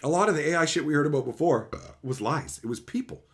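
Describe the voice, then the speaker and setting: A male streamer rants to his live chat, swearing constantly and mocking whatever he's talking about. His voice sits a little high and swings widely in pitch as he gets worked up. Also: animated, fast. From Canada. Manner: angry, profane, sarcastic ranting.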